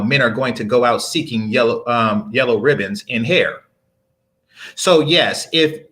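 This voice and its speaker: Man, podcast guest, bright sharp tone, lecturing, halting restarts. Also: medium pitch. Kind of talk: casual podcast debate.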